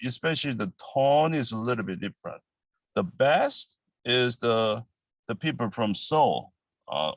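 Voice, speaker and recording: Korean-accented male teacher, mid-pitched voice, dry close sound, slow explanations full of fillers. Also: fairly bright tone, dry recording, low-quality recording. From Busan, South Korea. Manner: slow, halting English with many fillers, crisp repeated drill phrases. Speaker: language teacher. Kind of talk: language lesson.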